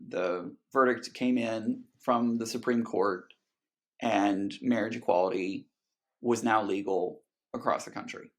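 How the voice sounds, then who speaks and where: Male podcast guest, slow and gravelly, candid and heartfelt, halting delivery. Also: medium pitch. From Texas. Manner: earnest, emotional, halting with restarts. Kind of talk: candid conversational interview.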